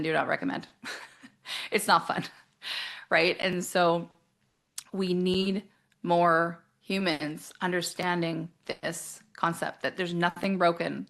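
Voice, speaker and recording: Gravelly-voiced woman coach, animated. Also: lowish voice. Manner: animated, acts out quoted voices, laughs often. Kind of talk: casual interview talk.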